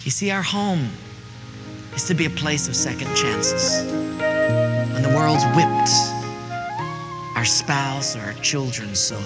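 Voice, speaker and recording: A man's voice: medium pitch, animated, slow, long pauses, over loud music. Earnest middle-aged male preacher, echoing hall. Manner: folksy, earnest storytelling. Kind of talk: sermon storytelling. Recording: reverberant hall with faint ambience.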